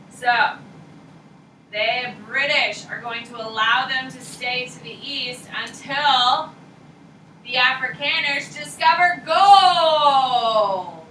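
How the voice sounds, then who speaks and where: A woman history teacher lectures a class in a casual, emphatic way, stressing key points and checking in with "okay" as she goes. Her voice sits fairly high, and it comes from a distance in a roomy classroom with steady background noise. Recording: roomy echo, distant mic, noisy.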